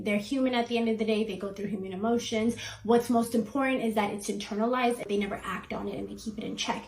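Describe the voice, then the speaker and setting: A woman's voice: medium pitch, roomy sound, rough recording. A woman hosting a reaction channel, casually recapping someone's story in a chatty way, quoting the people involved with lots of fillers. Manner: chatty, retells with quoted voices and fillers.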